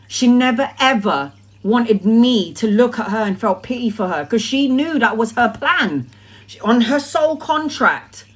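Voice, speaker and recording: A woman giving a casual spiritual monologue, blunt, emphatic and full of swearing. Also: fairly high pitch. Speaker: tarot reader.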